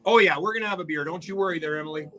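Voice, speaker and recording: A man's voice: on the high side, racing, fairly bright tone, soft background music. A man hosting a live behind-the-scenes radio stream, chatting and joking with viewers as he reads their comments. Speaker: radio host reading viewer comments on a livestream.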